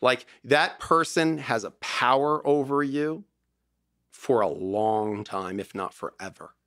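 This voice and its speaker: A middle-aged divorce lawyer, appearing as a guest on a podcast, speaks in a medium-pitched, fairly bright voice and takes his time. He tells stories with emphasis and acts out the dialogue he quotes, in an animated, conversational interview. The recording is dry and of studio quality.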